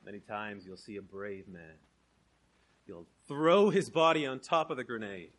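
A man's voice: fairly low pitch, animated. Impassioned man preaching a sermon. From Canada. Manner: swings from soft, slow emphasis to loud, driving proclamation. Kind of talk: evangelistic sermon.

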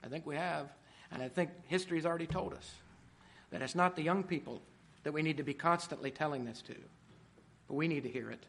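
A middle-aged man preaching a sermon, swinging from quiet asides to loud, emphatic peaks. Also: on the high side, brisk.

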